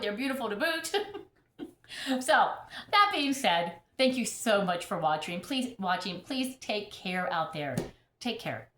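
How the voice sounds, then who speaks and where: A woman's voice: medium pitch, fairly bright tone, roomy sound. A middle-aged woman chatting casually about her houseplants at home, rambling and laughing often while getting over an illness. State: recovering from illness. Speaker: houseplant vlogger. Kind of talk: casual chat. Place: home full of plants.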